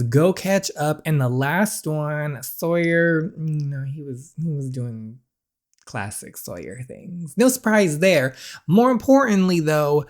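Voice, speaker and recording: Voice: mid-range voice, darkish tone. A channel host reading through a story game, chatty and reactive in casual commentary.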